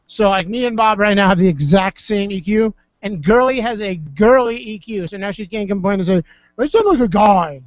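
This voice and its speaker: A man's voice: high voice, a little fast, hardly any pauses, dry recording. A man co-hosting a live internet radio show, rambling casually with lots of fillers and swearing. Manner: rambling, profane, filler-heavy. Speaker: podcast co-host. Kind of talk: casual chat. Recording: dull, lo-fi dry studio audio.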